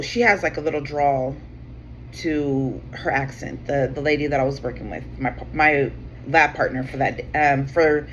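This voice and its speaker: A woman's voice: low-pitched, slight background noise. A woman host chatting casually, telling a rambling story full of fillers and swearing. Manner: rambling, full of "like" and "you know what I'm saying", swears freely. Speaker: tarot channel host. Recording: slightly dull sound with faint room ambience.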